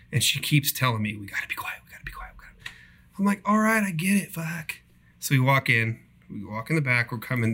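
A young man spins a profane, rambling work story in casual chat. His voice is bright and sharp. He jumps between hushed asides and loud outbursts. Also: medium pitch. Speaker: podcast co-host telling work stories.

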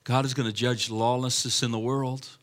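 A man's voice: medium pitch, level tone, normal speed. A man preaching a sermon with impassioned delivery and frequent restarts. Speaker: pastor.

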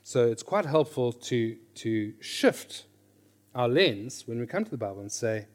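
A middle-aged man teaching a class on reading scripture. He is lively, questions his listeners, and repeats his key phrases. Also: mid-range voice, a little slow. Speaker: Bible teacher.

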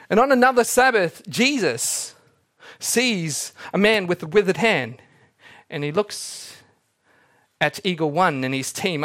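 A young man delivers a sermon in a voice pitched a little high for a man. He tells the story in an animated way and briefly acts out each of the people he quotes. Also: a little slow. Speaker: pastor.

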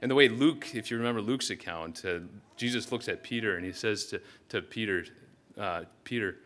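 A man's voice: on the low side, a little fast, fairly bright tone, faint music behind. A man preaching a sermon as pastor, earnest and reflective, often restarting his sentences.

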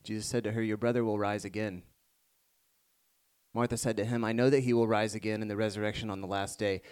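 A man preaching a sermon to a congregation, moving between hushed reflective passages and rising emphatic ones. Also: fairly low pitch, flat delivery, quick pace, smooth. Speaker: pastor.

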